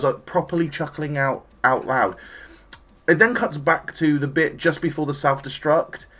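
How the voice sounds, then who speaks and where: A man giving a casual, enthusiastic spoken review of an anime episode, chatty and animated, now and then acting out the characters' lines. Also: mid-range voice.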